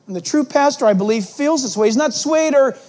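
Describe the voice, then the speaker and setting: A man's voice: very high-pitched, lively intonation, brisk, darkish tone. A male pastor preaching an expository sermon, emphatic and full of rhetorical questions.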